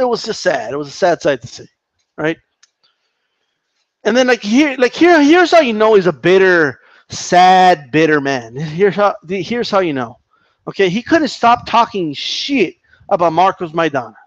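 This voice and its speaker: A man's voice: sits high, very animated, unhurried, no room sound, lo-fi sound. A man ranting casually about boxing on a live stream, reading the chat, swearing and repeating himself in heated bursts. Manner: profane, heated, repetitive.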